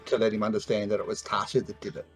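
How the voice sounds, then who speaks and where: A man's voice: fairly low pitch, flat delivery, rapid-fire, soft background music. Playful man playing a tabletop game. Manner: playful, joking. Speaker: player. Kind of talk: casual tabletop play.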